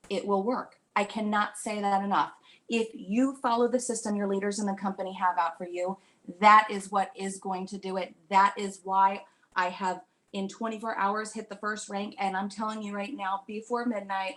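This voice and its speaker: A young woman giving an emotional, gushing testimonial on a group call, talking with breathless enthusiasm. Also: medium pitch. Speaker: new team member giving a testimonial.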